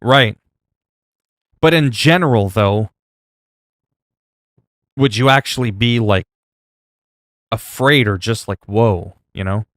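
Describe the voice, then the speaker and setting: A man's voice: mid-range voice, slow pace, long pauses, fairly bright tone, dry recording, studio quality. A man chatting casually on a livestream at home into a desk mic, rambling and self-mocking with lots of fillers.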